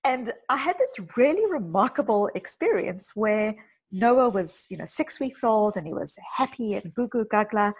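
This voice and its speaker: A woman's voice: fairly high pitch, very animated, moderate pace, breathy edge, low-quality recording. A woman psychologist talking earnestly on a podcast, telling personal stories with emphatic lists. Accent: South African. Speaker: psychologist guest. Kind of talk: podcast conversation.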